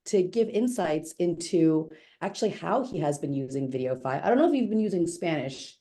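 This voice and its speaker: A woman walks viewers through a software demo on a video call. Her voice sits low and mellow. She talks in a chatty, upbeat way, with quick self-corrections. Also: expressive. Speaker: webinar presenter demoing software. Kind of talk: live product demo.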